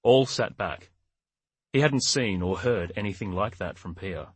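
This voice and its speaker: A man reads a crime novel aloud in a steady, measured manner, his voice lowish and husky. The recording is close and dry, with no room sound. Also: dry recording. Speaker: audiobook narrator. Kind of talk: scripted narration.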